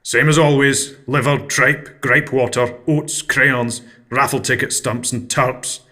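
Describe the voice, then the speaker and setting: Blunt, gruff Scottish man for a deadpan absurdist comedy guest spot. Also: mid-range voice, slow pace. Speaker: interview guest.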